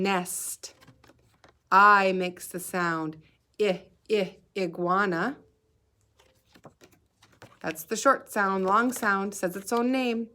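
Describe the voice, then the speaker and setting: Kindergarten teacher, woman: slow, deliberate phonics drills with crisp letter sounds and gentle encouragement. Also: medium pitch. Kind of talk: phonics lesson for young children.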